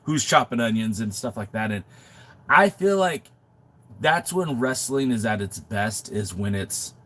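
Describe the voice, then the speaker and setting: A middle-aged man from Southern California talks in a fairly low voice, sounding under the weather with a sore throat and runny nose. He chats casually on a live stream through a webcam mic in a makeshift home studio, often restarting and reflecting as he goes. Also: moderate pace, fairly bright tone. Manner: conversational, with frequent restarts and reflective asides. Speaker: wrestling podcast co-host.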